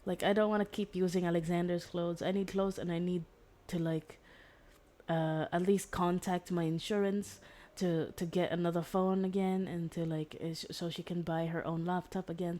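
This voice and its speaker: A woman's voice: on the low side, mellow. A woman streamer casually retelling a story, rambling with fillers and restarts and acting out the quoted lines.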